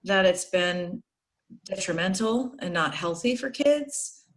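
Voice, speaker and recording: A woman's voice: on the low side, expressive, slow pace. Rambling woman coach on a video call. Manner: rambling, frequent restarts, laughs while talking. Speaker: youth soccer club coach. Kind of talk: casual video call meeting.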